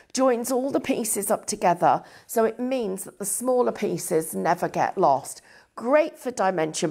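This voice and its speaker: A middle-aged woman with a gravelly, creaky edge to her voice. She chats warmly and rambles with self-deprecating asides, showing off a craft collection on a live stream. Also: medium pitch. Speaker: craft presenter. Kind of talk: live-stream product demo chat.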